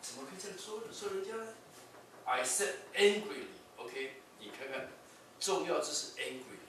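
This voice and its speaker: A man's voice: fairly high pitch, animated, moderate pace, fairly bright tone. A middle-aged man giving a university literature lecture. He reads passages aloud and explains them, switching between languages. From Taiwan. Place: large classroom. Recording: very echoey room, mic far off, faint hum.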